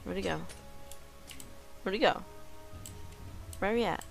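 A woman giving casual gameplay commentary in a playful way, joking with the game creatures and bursting into excited yells. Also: mid-range voice, slow pace, gravelly, faint music behind.

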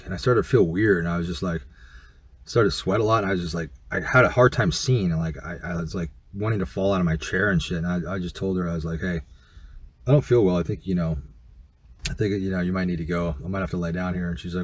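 Fast-talking, husky, deep-voiced man storyteller. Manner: rambling, profane, full of fillers and restarts. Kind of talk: casual first-person storytelling.

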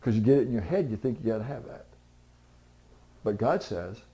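A middle-aged pastor preaches a sermon as conversational storytelling, acting out the people in his stories. He's animated and fairly quick with long pauses, and now and then swings into loud, high, pleading bursts to drive a point home.

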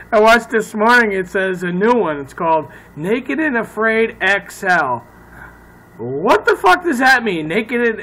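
A man who is a comedian, rambling loudly and profanely in a casual talk to camera. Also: high voice, rough recording. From Irish heritage. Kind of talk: casual off-the-cuff chat to camera.

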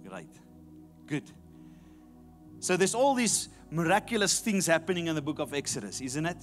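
Emphatic preacher. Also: male voice, fairly high pitch, big pitch swings, moderate pace, faint music behind. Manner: emphatic, repeats key phrases. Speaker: pastor. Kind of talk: sermon.

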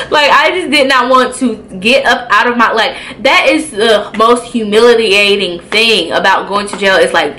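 Bright-voiced young woman telling a storytime. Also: medium pitch, low-quality recording. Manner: animated, profane, acts out her own reactions. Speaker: beauty vlogger. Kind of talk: casual storytime.

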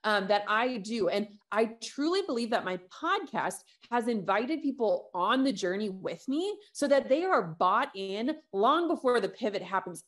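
A woman guest on an interview show, talking casually and telling animated stories with quoted asides. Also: on the high side. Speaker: podcast host and guest.

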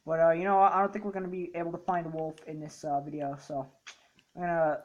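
A woman's voice: low voice, level tone, quick pace, lo-fi sound. A woman playing and commenting on a game in casual let's-play chat, chatty and rambling with playful boasting. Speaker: co-host and player of a gaming channel.

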